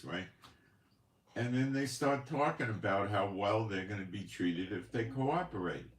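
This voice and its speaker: A man's voice: on the low side, animated, a little slow, echoey room. A man hosting his own channel, giving casual spoken commentary in a rambling, conversational way with many asides and rhetorical questions. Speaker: channel host. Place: home studio in Israel.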